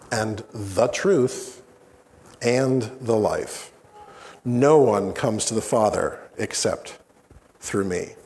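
A man preaching a sermon as pastor, slow and deliberate with dramatic pauses. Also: medium pitch. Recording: long hall reverb.

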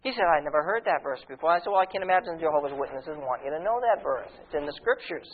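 A man's voice: fairly high pitch, animated, fast talker. A man preaching a sermon with fervor, retelling a conversation and quoting scripture at length. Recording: tinny phone-like radio broadcast.

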